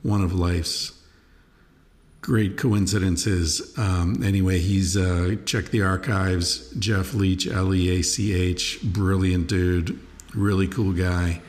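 A man hosting his own podcast, talking in a rambling, relaxed way with many fillers. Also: low voice, slow pace, big-room sound. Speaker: podcast host. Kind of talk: casual podcast monologue.

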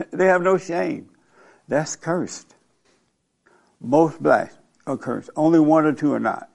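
Older male host, gravelly and a bit high, blunt, laughs through his stories. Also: animated, takes it slowly, darkish tone. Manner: blunt, laughing, rambling storytelling. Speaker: talk show host. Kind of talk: casual opinionated talk.

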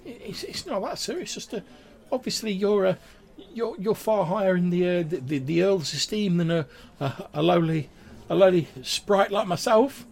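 A man putting on a squeaky, stammering little sprite. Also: normal speed, creaky, darkish tone. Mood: nervous. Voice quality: squeaky, high-pitched, stammering. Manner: panicked, deferential, calls everyone sir. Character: tiny wizened male sprite, timid and stammering.

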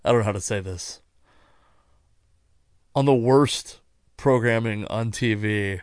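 A man's voice: fairly low pitch, slow pace, long pauses, smooth, no echo, studio quality. A man hosting a podcast alone, talking in a rambling way with wry asides and frequent self-corrections, and he sounds tired. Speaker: podcast host. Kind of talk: casual solo podcast monologue.

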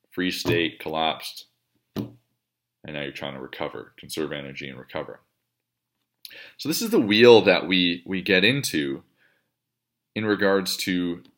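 A man with a low-pitched voice explains training concepts as a coach. His talk is casual and conversational. He swears freely and slips into quoted self-talk to illustrate his point. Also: a bit bright. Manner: conversational, profane, acts out inner thoughts.

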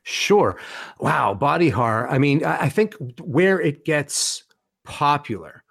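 A man's voice: fairly high pitch, big pitch swings, slow pace, creaky, a bit bright, dry recording, studio quality. A man talking as a guest in a conversation, retelling film scenes with vivid storytelling and acted-out quotes. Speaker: guest, horror author.

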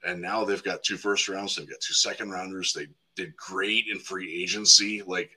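Brief: male podcast guest, bright and forceful tone, husky, chatty and loose. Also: low voice, fairly even intonation, normal speed, low-quality recording. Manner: chatty, frequent 'like' and restarts. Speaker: guest football analyst. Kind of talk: casual podcast chat.

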